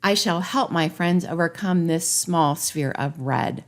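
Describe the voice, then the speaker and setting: A woman's voice: fairly low pitch, unhurried, lightly acted. A woman voicing an anxious, earnest male governor in a rhyming storybook parody, pleading in a raised voice.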